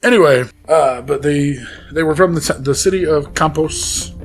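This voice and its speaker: A man's voice: fairly high pitch, normal speed, soft background music. A man co-hosting a podcast, casually retelling a case with fillers and laughs. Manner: conversational storytelling with fillers and laughs. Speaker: podcast co-host. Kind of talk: casual chat.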